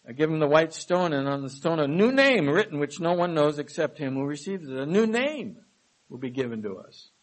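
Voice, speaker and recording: A man preaching a sermon. He reads scripture verses aloud with emphasis and then explains them in a measured way. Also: on the high side, sing-song, poor audio. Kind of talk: sermon, Bible study reading.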